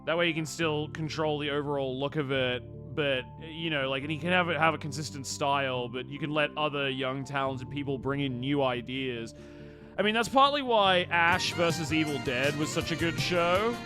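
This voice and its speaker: A man hosting a live stream and chatting casually about movies. He rambles and swears freely, with animated reactions. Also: on the high side, moderate pace, over music.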